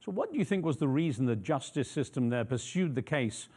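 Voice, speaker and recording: Fast-talking male news interviewer. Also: mid-range voice, very animated, mellow, husky. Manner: measured, probing questions with fillers.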